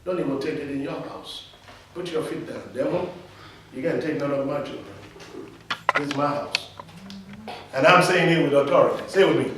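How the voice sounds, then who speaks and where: A man's voice: a little high, moderate pace, long pauses. Man, pastor, emphatic call-and-response sermon, distant mic, very echoey hall, faint hiss. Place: church.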